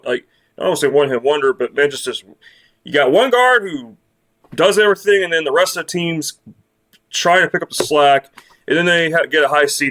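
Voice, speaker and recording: A man's voice: on the high side, fairly bright tone. A man talks through his bracket picks in a loose, off-the-cuff way. He is blunt and sarcastic and often rants, stumbling over his words and starting sentences again. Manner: blunt, sarcastic, ranting with many restarts. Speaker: sports commentator. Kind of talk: casual bracket predictions rant.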